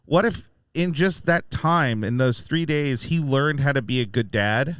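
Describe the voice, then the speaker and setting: A man co-hosting a casual film review podcast, animated, often acting out lines in mocking voices. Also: medium pitch, a little slow, clear, resonant tone, dry recording, clean studio sound. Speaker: podcast co-host.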